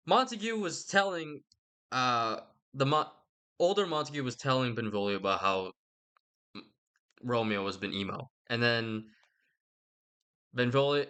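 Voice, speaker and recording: A man's voice: mid-range voice, sharp tone. Irreverent young man rambling casually. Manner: irreverent, swearing, slangy, self-interrupting. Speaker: channel host.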